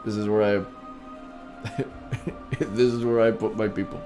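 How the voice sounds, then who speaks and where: A man with a very low, deep voice chats playfully on a live stream. He hams up his role as a king and talks directly to his viewers, with faint music underneath. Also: fairly even intonation, unhurried. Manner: playful and theatrical, talks straight to his chat. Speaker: streamer playing a king persona. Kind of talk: casual live-stream chat.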